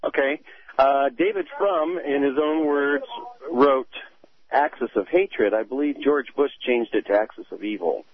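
A man's voice: medium pitch, unhurried, narrow, tinny audio. A male caller to a radio talk show, explaining his point in an assured way.

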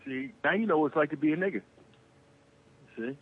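A man co-hosting a casual talk show, telling an animated story with lots of swearing and stumbling restarts. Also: on the high side, fairly quick, husky. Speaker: co-host. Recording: muffled lo-fi sound.

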